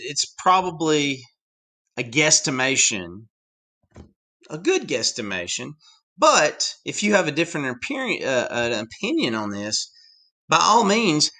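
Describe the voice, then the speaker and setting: A man with a Southern US accent giving a chatty classroom lecture full of asides. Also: a little high. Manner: animated, chatty, with many asides. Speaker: teacher.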